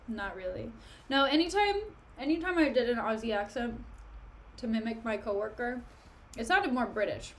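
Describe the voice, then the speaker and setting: A woman's voice: fairly high pitch, lively intonation, normal speed, a bit bright, slight background noise. A woman streamer chatting casually and jokingly as she reads a play aloud, often wandering off topic. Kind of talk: casual chat while reading a play aloud.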